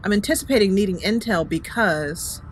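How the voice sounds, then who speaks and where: A woman's voice: medium pitch, moderate pace, noisy background. Woman thinking aloud over gameplay. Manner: thinking aloud, hesitant fillers, chuckling. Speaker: gaming channel host. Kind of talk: casual let's-play commentary.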